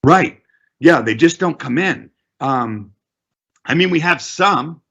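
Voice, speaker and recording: A man acting out a male broker who hesitates and rambles through fillers, his voice lifted higher than usual and pressed forward. The sound is husky. It comes through a dull, lo-fi recording. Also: animated, slow, sharp tone, full character voice. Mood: hesitant.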